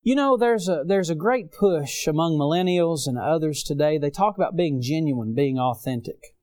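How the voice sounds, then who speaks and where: A man preaching a sermon, rising loud on key phrases and dropping low for stories. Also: expressive, normal speed. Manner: impassioned, swells loud on key phrases then drops low.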